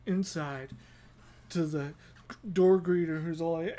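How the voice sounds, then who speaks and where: A woman's voice: low voice, steady tone, slow pace, mellow. A woman hosting a podcast, telling a rambling comedic story with lots of giggles. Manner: giggly, rambling, self-mocking. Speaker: podcast host.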